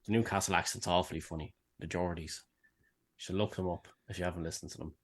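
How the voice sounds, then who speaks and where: A man's voice: sits low, fairly even intonation, fast talker. A man co-hosting a podcast, joking and rambling in casual banter. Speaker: podcast co-host.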